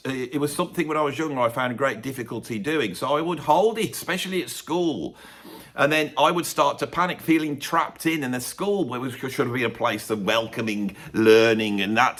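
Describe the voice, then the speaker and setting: A man's voice: a little high, a bit bright. A man rambles to camera in a chatty, digressive solo monologue, often tagging questions onto his sentences. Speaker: YouTuber.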